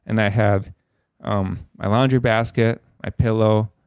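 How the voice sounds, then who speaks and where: A man's voice: on the low side, fairly even intonation, a little slow, a little mellow, clean tone, no echo. A man as a podcast guest, telling a long story in a rambling way, swearing a lot. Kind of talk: casual storytelling.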